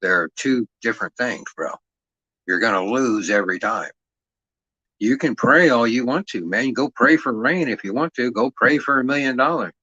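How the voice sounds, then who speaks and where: A middle-aged man rants on a livestream with a bright, forceful edge to his voice. He swears constantly and taunts his listener with rhetorical jabs. The sound is dry and close, with no room around it. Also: mid-range voice, lively intonation, moderate pace, breathy edge, dry recording, muffled recording. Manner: aggressive, mocking, heavy swearing. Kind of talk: profane rant on a livestream.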